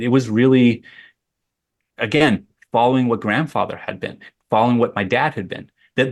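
A middle-aged man with a lowish voice tells a long personal story as an interview guest. He rambles and restarts often, circling back as he talks. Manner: rambling, with many restarts and fillers. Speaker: guest artist. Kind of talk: conversational storytelling.

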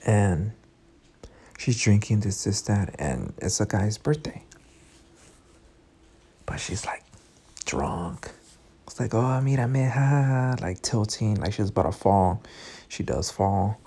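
A man's voice: on the low side, takes it slowly, long pauses, mellow, slightly rough. A young man in his twenties telling a casual story, frank and profane, talking straight to his listeners. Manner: frank, profane, talks to the audience directly. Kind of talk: casual storytime, swearing freely.

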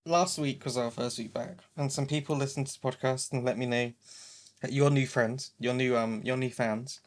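A woman's voice: very deep voice, steady tone, normal speed. A woman co-hosting a podcast in casual chat, rambling and self-mocking, prone to going off on tangents. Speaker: podcast co-host.

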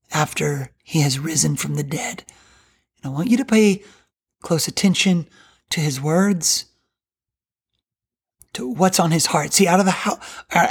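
A woman gives earnest podcast Bible teaching in a husky, lowish voice. She talks slowly and with emphasis, and takes her time reading scripture aloud.

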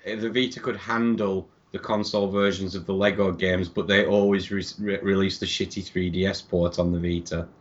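Deep-voiced man, stammering. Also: flat delivery, fairly quick, hardly any pauses. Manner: stammering restarts, matter-of-fact. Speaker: podcast co-host. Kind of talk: casual chat. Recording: dull lo-fi podcast audio.

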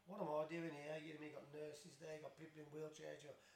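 Rambling, fast-talking middle-aged man. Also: a little high, level tone, creaky, a little mellow, reverberant, a little hiss or hum. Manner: self-deprecating, rambling storyteller with many restarts. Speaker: interview guest, former footballer. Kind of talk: unscripted chat.

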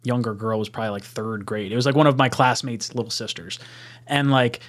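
A man co-hosting a casual sports chat stream, animated and self-mocking, breaking into laughs as he tells stories. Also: medium pitch, a little fast. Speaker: podcast co-host.

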